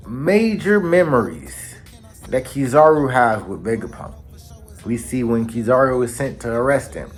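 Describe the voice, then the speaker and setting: Animated slangy man recapping a story. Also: medium pitch. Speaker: anime channel host. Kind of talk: casual manga chapter recap.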